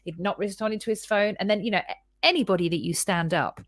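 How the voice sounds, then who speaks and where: Animated woman telling stories on a call. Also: medium pitch, fast, dry recording, studio quality. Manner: animated, acts out past conversations in quoted voices. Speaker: podcast host. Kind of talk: casual conversational storytelling.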